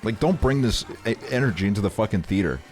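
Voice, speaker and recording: A man's voice: lowish voice, lively intonation, quick pace, a little mellow, soft background music. A young man streaming, chatting casually with his viewers, swearing often and sounding exasperated in a joking way. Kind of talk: casual chat.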